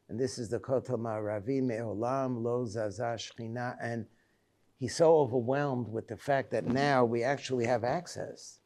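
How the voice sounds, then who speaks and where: Gravelly rabbi in his seventies. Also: mid-range voice, a little mellow. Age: 70s. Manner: halting, personal storytelling. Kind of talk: reflective Tisha B'Av lecture.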